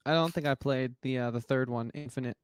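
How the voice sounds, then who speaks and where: A man's voice: medium pitch, a little fast, clear, resonant tone, no echo, studio quality. A man co-hosting a podcast, chatting in a laid-back way. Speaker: podcast co-host. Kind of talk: casual chat.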